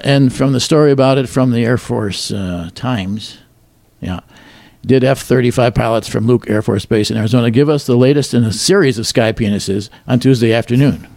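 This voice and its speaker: A man with a gravelly, mid-range voice delivers comic headlines with a deadpan, wry touch. He banters between the items in a plain, unhurried way. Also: medium pitch. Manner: dry, wry delivery with chuckles. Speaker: comedy show host. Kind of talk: deadpan joke news reading with banter.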